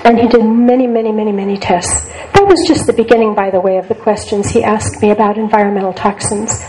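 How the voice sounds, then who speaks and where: A woman's voice: mid-range voice, fast, background noise. An older woman psychologist giving a talk to a group, speaking earnestly and repeating words for emphasis. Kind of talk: lecture to a group.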